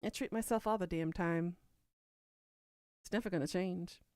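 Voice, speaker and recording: A Kentucky woman with a Southern US accent hosts a podcast, chatting casually and rambling as she answers viewer comments. Her lowish voice is a little mellow and clean, at a moderate pace. The recording is dry, clean studio sound.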